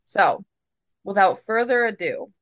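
A woman's voice: medium pitch, lively intonation, unhurried, fairly bright tone, highs cut off. A woman co-hosting a podcast in casual chat, giggling and breaking into laughter often. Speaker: podcast co-host.

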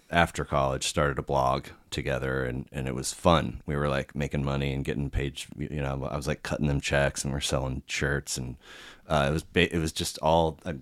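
Very deep-voiced rambling man. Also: dry recording, studio quality. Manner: rambling, profane, many restarts. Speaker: podcast guest. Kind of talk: casual conversation.

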